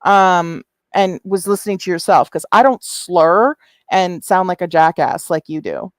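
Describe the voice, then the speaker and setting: A woman's voice: lowish voice, a little slow, dry recording. Combative woman, dry close sound. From Canada. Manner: combative, profane, sarcastic. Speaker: YouTube commentary host. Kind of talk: reaction commentary livestream.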